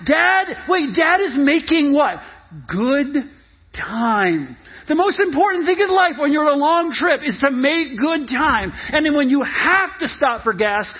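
A male pastor giving a lively, emphatic sermon and telling the story with animation. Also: very high voice, normal speed, hardly any pauses. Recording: muffled lo-fi recording.

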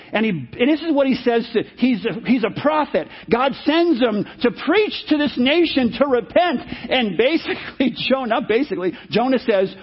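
A man's voice: very high voice, breathy edge. A male pastor preaching a sermon, emphatic and repeating his key phrases. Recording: dull lo-fi sermon recording.

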